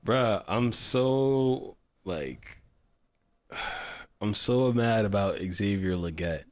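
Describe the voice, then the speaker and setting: A man's voice: fairly low pitch, very slow. A man co-hosting a podcast, rambling casually with frequent fillers. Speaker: podcast co-host. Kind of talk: casual fantasy football chat.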